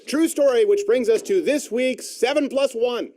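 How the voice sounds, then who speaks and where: A man's voice: extremely high pitch, moderate pace, mellow. A man hosting a comedy talk show, running the segment in a playful, sarcastic way. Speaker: host. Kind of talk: casual comedy banter.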